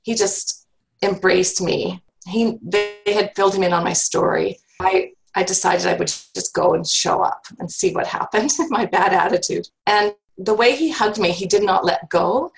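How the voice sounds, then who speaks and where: A woman's voice: mid-range voice, normal speed, gravelly, rough recording. A woman guest telling a personal faith story in an earnest, reflective way, often restarting her sentences.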